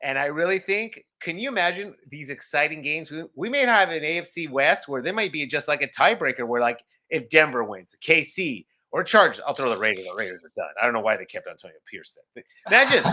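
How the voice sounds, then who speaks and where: Male guest, excitable, bright and forceful voice, slightly high. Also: a little fast. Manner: excitable, hyped. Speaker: actor and podcast guest. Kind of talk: casual sports podcast chat.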